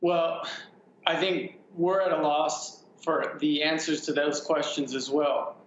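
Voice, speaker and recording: A man speaking as an attorney guest in a news interview, explaining in a measured way. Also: fairly high pitch, level tone, heavy reverb, dull audio. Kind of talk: interview answers.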